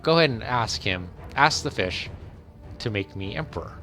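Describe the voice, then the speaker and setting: A man's voice: mid-range voice, expressive, normal speed, sharp tone, soft background music. A man voicing a greedy fairy-tale wife who keeps demanding more, speaking in a wheedling, insistent way.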